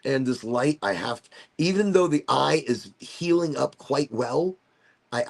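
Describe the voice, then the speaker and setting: A man's voice: medium pitch, creaky, a little mellow, slightly rough. A man hosting a casual livestream chat, rambling from topic to topic and losing his thread. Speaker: host of a livestream talk show.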